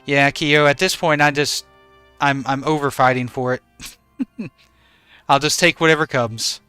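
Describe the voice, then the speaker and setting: Male streamer, bright and smooth, relaxed and chatty with viewers, dry close mic. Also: fairly high pitch, unhurried, no echo, soft background music. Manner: easygoing, greets and thanks chatters by name. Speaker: game streamer. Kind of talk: live stream chat with viewers. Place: home in regional Australia.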